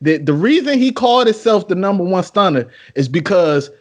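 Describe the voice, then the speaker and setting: A man's voice: sits high, big pitch swings, brisk, dull audio. A man hosting a podcast, asking questions in a laid-back casual way, full of fillers. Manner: laid-back, many yeahs and you-know fillers. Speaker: podcast host.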